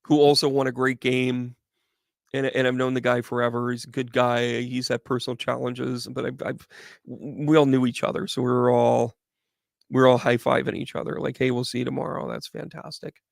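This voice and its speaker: A man's voice: mid-range voice, flat delivery, moderate pace, gravelly, no echo, studio quality. A middle-aged man, hosting and telling a rambling story in a chatty way, with frequent restarts. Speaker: host, medium. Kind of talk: casual storytelling to a live audience.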